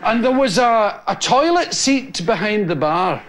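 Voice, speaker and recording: Scottish male comic, high, sing-song delivery, rambling live stand-up. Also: unhurried. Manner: animated, rambling anecdotes with audience laughter. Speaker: stand-up comedian. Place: television studio with a live audience. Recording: loud hiss on an old TV recording.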